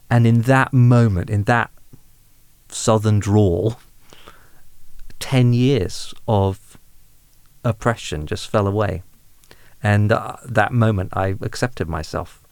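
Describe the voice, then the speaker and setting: A man in his thirties from England, a humanist chaplain, telling a personal story candidly in a podcast interview, self-deprecating and lively when amused. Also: lowish voice, slow pace, gravelly, pauses often, clear, resonant tone, no room sound.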